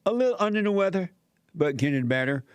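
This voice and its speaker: A man sits in as host of a call-in talk show, speaking in a fairly high voice for a man. He talks bluntly and with strong opinions, in plainspoken, casual grammar. The sound is dry, close and studio-clean. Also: expressive, quick pace, clean tone, no echo.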